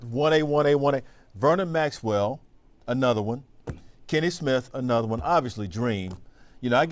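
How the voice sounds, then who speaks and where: A man chatting on a TV after-show in a laid-back, slangy way, reading out viewer comments. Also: mid-range voice. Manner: laid-back, slangy, warm to his co-host. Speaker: sports anchor. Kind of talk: casual on-air chat. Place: TV studio.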